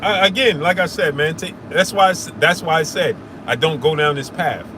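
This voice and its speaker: A man's voice: a little high, moderate pace, background noise. A man hosting a casual live stream, arguing with viewers in the chat, repeating himself and calling them brother. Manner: argumentative, repeats himself, calls listeners brother. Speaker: sports show host answering live chat.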